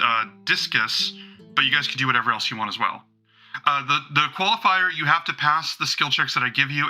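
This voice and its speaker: A man's voice: mid-range voice, bright, forceful tone, poor audio. A man narrating a tabletop game as game master, rambling with lots of fillers. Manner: rambling, many fillers and restarts.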